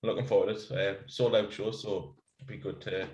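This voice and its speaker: A man rambles through casual podcast banter over a few beers, laughing and swearing as he goes. His voice sits a little low. The room around him rings with echo. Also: flat delivery, a little fast, a little mellow. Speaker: podcast co-host. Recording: echoey room.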